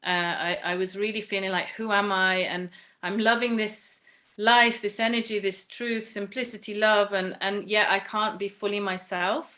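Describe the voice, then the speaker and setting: A woman's voice: mid-range voice, level tone, moderate pace, pushed and bright. A woman from England telling a personal story, chatty and earnest with many fillers, acting out the voices of others as she goes. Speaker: devotee sharing a personal story.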